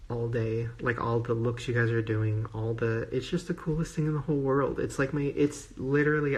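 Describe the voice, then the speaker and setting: A man on a phone livestream, gushing and rambling in casual emotional talk full of fillers. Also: medium pitch. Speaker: social media personality on a livestream.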